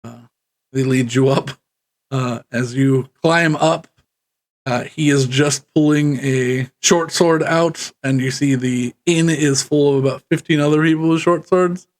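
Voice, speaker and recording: Slow-talking, higher-voiced man narrating a game. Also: steady tone. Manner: laughs often, loose rambling narration with fillers. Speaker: game master.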